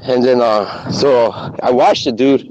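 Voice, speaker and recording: A man on a podcast telling stories in casual chat, animated and swearing a lot. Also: mid-range voice, measured pace. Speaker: podcast co-host. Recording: muffled lo-fi recording with faint noise.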